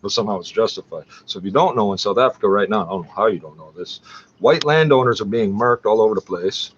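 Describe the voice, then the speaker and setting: A man's voice: fairly low pitch, quick pace, highs cut off, a little hiss or hum. A man ranting in a profane, agitated, rambling way while scrolling through a screen share.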